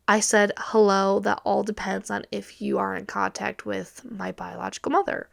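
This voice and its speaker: A woman's voice: medium pitch, steady tone, normal speed, vocal fry, few pauses. A young woman hosting a personal podcast, talking candidly and bluntly about family, with occasional swearing. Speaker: podcast host.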